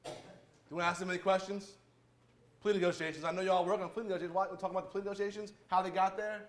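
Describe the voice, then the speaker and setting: Man, judge type, preachy and fired up, a bit high-pitched, stutters when excited, speaking in a courtroom. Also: rapid-fire. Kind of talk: animated courtroom talk to students.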